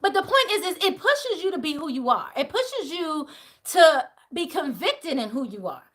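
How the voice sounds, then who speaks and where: A woman with a high, bright voice tells her story in a casual, profane rant. Her pitch swoops widely as she swings from loud outbursts to low, muttered asides. She is a spiritual reader hosting a live stream. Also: big pitch swings, moderate pace.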